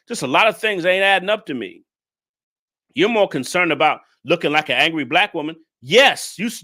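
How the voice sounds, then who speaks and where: A man's voice: a little high, sharp tone. A man hosting a casual reaction commentary, exasperated and emphatic, talking straight to his viewers. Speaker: channel host reacting to a clip.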